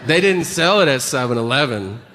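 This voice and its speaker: A man's voice: medium pitch, lively intonation, fairly quick, bright, forceful tone, long reverb tail, slight background noise. A man doing stand-up comedy with a wry, profane delivery, acting out the people in his stories. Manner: wry, profane, acts out quotes. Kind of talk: stand-up storytelling.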